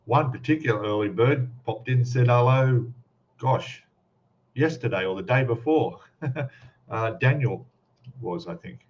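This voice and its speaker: A man's voice: mid-range voice, measured pace, long pauses. Chatty Australian man on a dull mic. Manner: chatty, greets viewers by name with many fillers. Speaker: host of a live stream. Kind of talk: casual live-stream chat.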